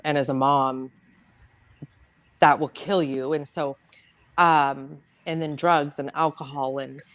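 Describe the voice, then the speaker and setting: A middle-aged American woman, a podcast guest, telling a painful family story in an earnest, halting way, repeating words as she goes. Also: sits low, no echo. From United States. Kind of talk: emotional personal storytelling.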